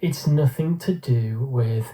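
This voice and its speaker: A man co-hosts a radio show and reads out listener messages with amused banter. His voice is very dark and warm. He sits a little away from the microphone. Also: mid-range voice, slow pace, distant mic. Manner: amused, reading out listener texts. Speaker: radio co-host.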